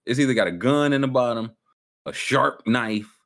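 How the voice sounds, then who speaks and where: A man's voice: medium pitch, expressive, normal speed, a bit bright. A man chatting casually on a livestream, joking around in playful banter. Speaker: streamer.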